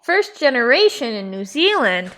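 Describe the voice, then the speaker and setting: A woman whose first language is German, chatting playfully to her stream as she plays. Her voice sits fairly high and swings widely in pitch, loose and animated. She laughs easily between remarks. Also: moderate pace. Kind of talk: casual gameplay commentary.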